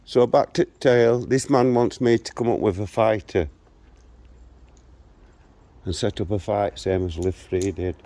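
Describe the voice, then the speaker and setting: This vlogger, a man in his 60s, speaks at a fairly low pitch and a little slowly, pausing often as he walks outdoors through a local park and streets. Telling a story about an argument, he animatedly re-enacts the street confrontation.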